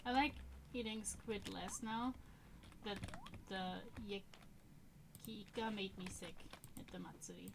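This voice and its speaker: Game music and keyboard clicks fill the background as a young woman in her twenties, medium in pitch, casually chats through her stream, rambling, self-correcting and frequently laughing. There's background noise in the recording.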